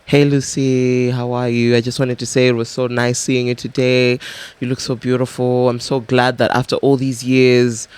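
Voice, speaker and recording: A man voicing a smooth-talking man who reaches out to his ex, speaking slowly and softly. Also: medium pitch, completely flat delivery, natural voice. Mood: coaxing. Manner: slow, coaxing and soft.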